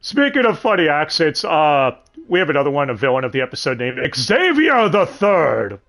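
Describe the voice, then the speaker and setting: A man hosting a casual livestream chat, animated, swearing freely and laughing often. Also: a little high, normal speed. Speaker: podcast host.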